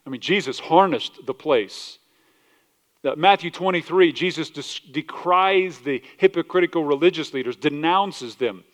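A fairly high-voiced man preaches a passionate sermon as pastor. He swings from loud, forceful declarations to quiet, low asides, and he acts out quoted voices with a playful edge. He keeps turning to the congregation with direct questions. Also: measured pace. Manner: asks the congregation questions, southern 'y'all'.

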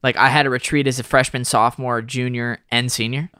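A man in the middle pitch range co-hosts a relaxed podcast chat, dropping in brief replies and playful questions. His voice is recorded close and dry. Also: fairly quick, clear, resonant tone, no echo. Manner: short interjections and teasing questions. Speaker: priest and podcast co-host.

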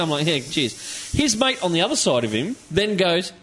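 A man's voice: a little high, sing-song, moderate pace, hardly any pauses, a bit bright, slight background noise. An older man with an Australian accent, hosting a casual chat and telling a rambling story full of swearing and laughter. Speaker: podcast host.

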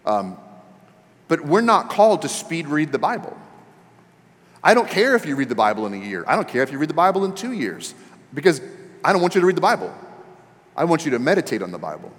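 Joking preacher in a reverberant hall. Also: male voice, fairly high pitch, fairly quick, pauses often. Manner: animated, joking, rising to emphatic questions. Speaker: pastor. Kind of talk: sermon.

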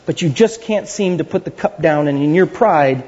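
A male pastor preaching with a high, swooping voice that climbs and drops dramatically. His tone is husky, and he repeats words for emphasis between playful asides. The recording is dull and lo-fi. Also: expressive, normal speed, warm tone. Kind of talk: sermon.

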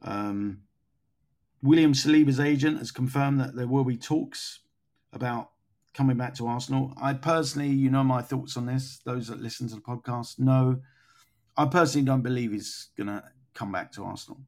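A man's voice: mid-range voice, moderate pace, a little mellow. A man hosting a casual football podcast, thinking aloud with frequent fillers and restarts as he goes through transfer news. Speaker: podcast host.

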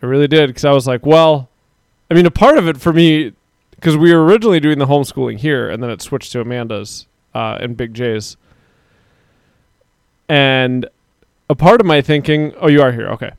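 A man in his thirties co-hosts a casual streamed chat show, rambling, laughing often, and swearing casually. His voice is medium-pitched at a normal speed, recorded dry.

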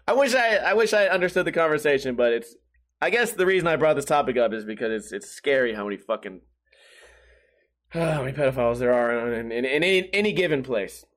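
Expressive and a little fast, this young man's fairly bright voice carries a casual storytelling monologue. Swearing and laughter run through it, and he voices other people in a higher register.

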